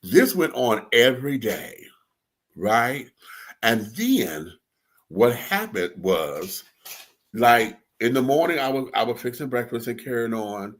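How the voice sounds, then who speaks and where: A man in his forties on a radio talk show, telling a personal story in a lively, profane, animated way. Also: mid-range voice, slow pace. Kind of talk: casual storytelling chat.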